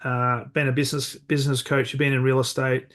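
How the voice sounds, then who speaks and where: A man's voice: mid-range voice, level tone, fairly quick, a bit bright. A man with an Australian accent hosting a podcast interview, upbeat and welcoming, often restarting his sentences. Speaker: podcast host.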